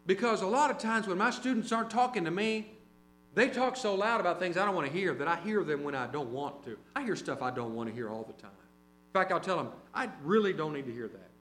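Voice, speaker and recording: High-pitched guy giving a chatty sermon, roomy echo and low mains hum behind. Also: lively intonation, a little fast. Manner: conversational, anecdotal, varies loudness widely. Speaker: preacher and teacher.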